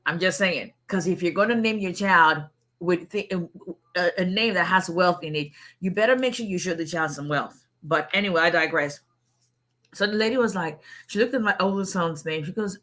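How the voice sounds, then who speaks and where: A middle-aged woman from Africa hosts a casual livestream as a lawyer, greeting viewers and chatting in a relaxed, rambling way. Her voice sits a little low but rings bright and forceful, and she laughs often between points. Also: moderate pace. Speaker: immigration lawyer hosting a livestream.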